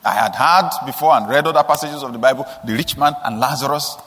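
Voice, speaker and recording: A male preacher delivering a sermon, telling stories and asking rhetorical questions, with sudden high emphatic rises. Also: fairly quick, few pauses, a bit bright, breathy edge, long reverb tail.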